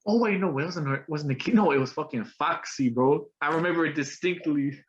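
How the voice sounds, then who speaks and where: A man's voice: fairly high pitch, quick pace. A young man talking casually on a podcast, rambling with lots of slang and filler words. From Colombian roots. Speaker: podcast host. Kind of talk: casual chat. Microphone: video call. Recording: muffled video call audio.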